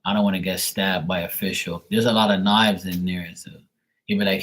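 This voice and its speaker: A man hosting a live stream where he gives readings speaks in a low, fairly bright voice with fairly even intonation and a fairly quick pace. Using street slang and lots of swearing, he rambles through a casual story and acts out both sides of conversations, though the audio is poor.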